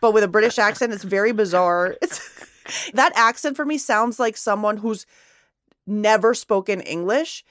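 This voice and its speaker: A young woman co-hosting a podcast in casual chat, chatty and quick with asides, laughing often. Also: mid-range voice, lively intonation, fairly bright tone. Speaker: podcast co-host.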